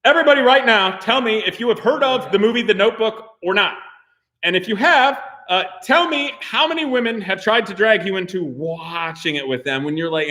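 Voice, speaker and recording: A man with a high voice hosts a live stream from a workshop garage. He talks to his crew in an animated, joking way and laughs often. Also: a little fast. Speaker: host of a car channel.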